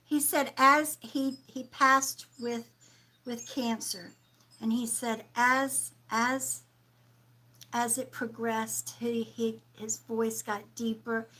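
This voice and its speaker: A woman hosting a live-stream psychic reading, speaking softly and affectionately, calling viewers sweetheart and sometimes dropping to a whisper. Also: a little high, steady tone, takes it slowly, rough recording. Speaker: psychic medium and livestream host.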